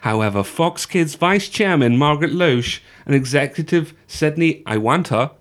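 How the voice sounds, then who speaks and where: A man's voice: on the high side, animated, moderate pace. Playful man reading facts. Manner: playful, mock-dramatic delivery. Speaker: podcast co-host. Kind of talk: casual chat, reading out facts.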